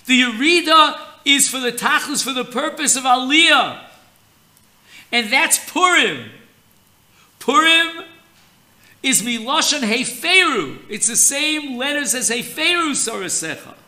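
A man gives a Torah lesson at an unhurried, measured pace. His voice sits fairly high and has a very bright, sharp edge. He draws out his explanations deliberately, like a teacher guiding students. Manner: slow, deliberate teaching, mixing Hebrew terms.

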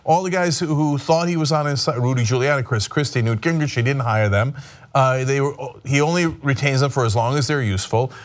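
A man's voice: mid-range voice, a little fast. A man hosting a sarcastic political commentary show, talking animatedly and mocking his subjects.

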